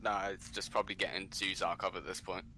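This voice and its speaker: A man plays a tabletop game and talks casually with fillers. His voice is very low with a bright, forceful edge. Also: level tone, a little fast, slight background noise. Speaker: player.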